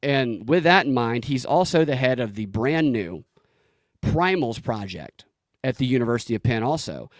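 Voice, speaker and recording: A man hosting a casual podcast, talking excitedly with frequent profanity and stumbling restarts. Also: medium pitch, normal speed, no room sound. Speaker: podcast host.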